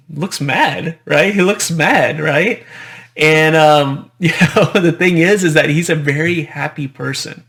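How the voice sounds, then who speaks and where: A man with a gravelly, mid-pitched voice presents to fellow dentists in a relaxed, conversational way. He repeats key phrases and checks in with quick "right?" tags. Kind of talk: conference presentation.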